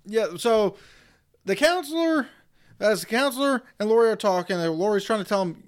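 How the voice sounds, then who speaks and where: A man's voice: sits high, animated, normal speed. A man co-hosting a casual movie review chat, wry and sarcastic, laughing at his own jokes. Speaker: podcast co-host.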